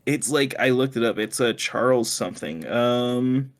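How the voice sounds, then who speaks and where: A man co-hosting a podcast, chatting casually and excitably, swearing and laughing often. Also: medium pitch, measured pace. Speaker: podcast co-host. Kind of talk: casual chat.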